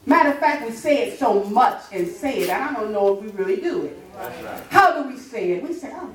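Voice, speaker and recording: A woman preaching a sermon, lively and laughing, calling out to the congregation and breaking into half-sung lines. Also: a little high, fairly quick. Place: church sanctuary. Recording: roomy church sound from a distance. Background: congregation responding.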